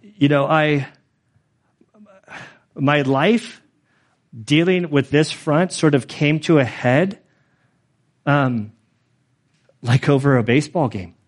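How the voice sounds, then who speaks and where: A man's voice: a little high, slow, pauses often. Earnest rambling male preacher. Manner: rambling, heavy on fillers, earnest. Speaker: pastor. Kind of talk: sermon testimony.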